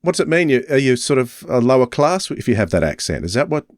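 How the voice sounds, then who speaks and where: Male host, hesitant questioner, lively intonation, dry close mic. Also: medium pitch, fast, dry recording. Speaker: podcast host. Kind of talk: casual interview questions.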